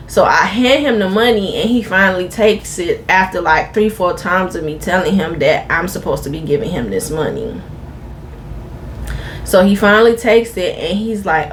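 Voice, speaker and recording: A woman's voice: medium pitch, lively intonation, normal speed, slight background noise. A woman vlogger telling a personal story to her viewers in a casual, earnest, emphatic way.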